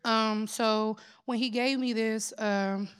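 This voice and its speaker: A woman's voice: on the high side, steady tone, takes it slowly, clear, resonant tone. A woman preaching a sermon in an earnest, prayerful way, mixing scripture with personal testimony. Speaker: lay preacher.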